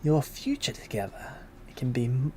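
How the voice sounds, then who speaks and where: A man's voice: mid-range voice, wildly swooping pitch, darkish tone, slightly rough. A man doing a sly whispering old hag. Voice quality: whispery, drawn-out. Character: sly old female hag officiating a wedding.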